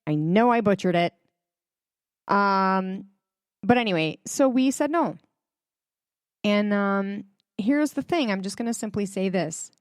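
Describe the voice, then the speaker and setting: A woman's voice: medium pitch, lively intonation, measured pace, long pauses, clear, resonant tone, no room sound, clean studio sound. A woman hosting a casual religious commentary, chatty and emphatic, with many fillers, speaking straight to her viewers. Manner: addresses viewers directly. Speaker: host.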